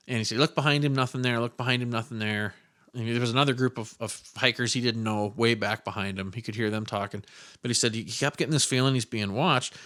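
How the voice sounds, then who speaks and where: A man's voice: medium pitch, sharp tone. A man hosting a solo podcast, telling stories in a loose, rambling way with casual swearing. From American Midwest. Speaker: podcast host.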